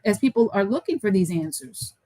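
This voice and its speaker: A woman's voice: mid-range voice, animated, fairly quick, warm tone, no echo, rough recording. A woman interviewing a host, working through numbered questions and cutting in to press for clarification. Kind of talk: reading listener questions.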